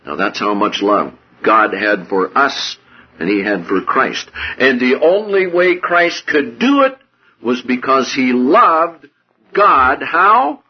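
A man preaching a sermon with a husky voice, swinging from hushed low passages to loud, high-pitched outbursts. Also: lively intonation, slow pace, muffled recording.

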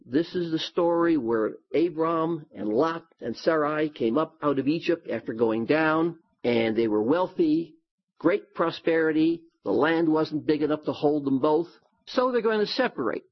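A man from the United States, teaching a sermon with animated, folksy asides. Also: fairly high pitch, slightly rough. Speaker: Bible teacher. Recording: dull lo-fi sound.

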